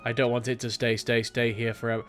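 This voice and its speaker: A man's voice: mid-range voice, monotone, quick pace, a bit bright, soft background music, natural voice. A man putting on a prim old lady tailor. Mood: tight-lipped. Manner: prim and tight-lipped. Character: elderly female tailor shopkeeper, guarded and grumbling.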